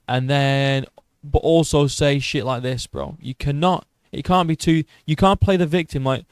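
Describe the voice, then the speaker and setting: Mocking ranty guy doing commentary, middle pitch, clean resonant voice. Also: normal speed, clean tone, no echo. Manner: sarcastic, mocking, exasperated. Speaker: MMA commentator. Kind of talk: ranting commentary.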